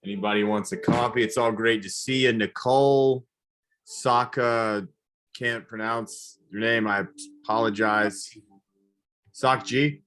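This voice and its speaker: A man doing a rambling, self-deprecating stand-up comedy set, now and then yelling high whoops. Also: fairly even intonation, a little slow. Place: comedy show, live virtual audience.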